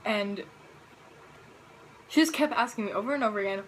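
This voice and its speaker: A teenage girl telling a story to her camera in a casual, animated, dramatic way. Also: mid-range voice, moderate pace, a little hiss or hum, poor audio. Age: teens. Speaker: vlogger.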